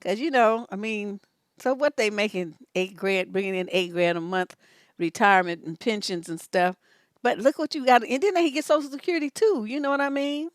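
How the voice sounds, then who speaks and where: An older woman who works as a relationship coach gives live stream commentary in an animated, cheeky way and laughs often. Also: mid-range voice, brisk, dry recording, clean studio sound.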